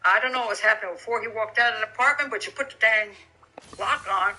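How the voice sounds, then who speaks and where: A woman's voice: on the high side, fast talker, pushed and bright, low-quality recording. A woman giving casual commentary on a criminal case, reading from documents and thinking aloud with many restarts, incredulous and sarcastic. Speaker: true crime commentator.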